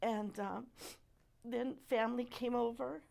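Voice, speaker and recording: A middle-aged woman giving a personal testimony at church, speaking softly and haltingly with many pauses. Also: a little high, steady tone, creaky. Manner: halting and soft-spoken, many pauses and fillers.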